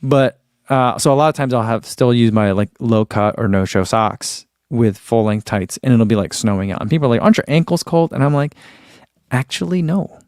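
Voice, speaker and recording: A man's voice: on the low side, a little fast, a little mellow, smooth, no room sound, clean studio sound. A young man hosting a running channel, chatting casually and rambling as he shows products and reads viewer comments. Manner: easygoing, rambling, reads chat comments aloud. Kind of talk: casual livestream chat.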